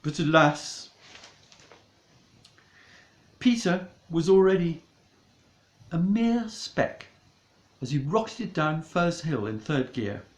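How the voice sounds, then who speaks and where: A man narrating a comic storybook in a mock-dramatic, deliberate way. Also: on the high side, expressive, reverberant, rough recording.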